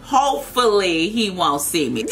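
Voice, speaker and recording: A woman's voice: on the low side, big pitch swings, measured pace, fairly bright tone, soft background music. A young woman giving playful gameplay commentary, dramatic and laughing as she talks to her viewers. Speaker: gaming video creator.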